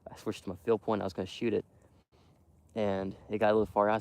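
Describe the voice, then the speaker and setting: A young man quietly rambling to his live stream while hunting outdoors in the cold wind, full of fillers and restarts. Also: lowish voice, level tone, fast, creaky. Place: outdoors in a windy field edge.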